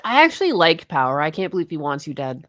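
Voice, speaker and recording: Female stream co-host, casual banter, teasing, quick to laugh, low-pitched, dry mic. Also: big pitch swings, fairly bright tone, no room sound. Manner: giggly, laughs often.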